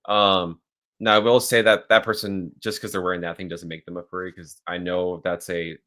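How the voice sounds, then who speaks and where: A man as a guest in a casual interview, calmly explaining, with many filler words. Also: low-pitched, normal speed.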